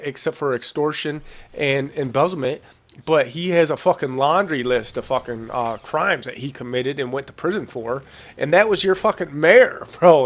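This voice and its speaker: A man's voice: mid-range voice, a bit bright. A man from Michigan hosting a gaming channel, giving casual gameplay commentary that is blunt, rambling and full of swearing. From Michigan, USA.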